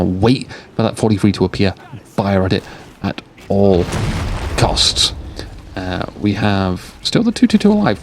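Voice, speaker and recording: A tired man casting a strategy war game late at night, rambling and joking between calls of the action, with game noise behind him. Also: lowish voice. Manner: rambling, jokey, drifts off topic. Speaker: game caster. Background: game sounds of gunfire and vehicles.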